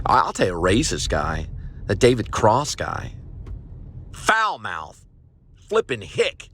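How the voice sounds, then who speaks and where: A man rambling jokingly while driving, tossing out deadpan asides and correcting himself. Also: a bass voice, background noise. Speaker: vlog host.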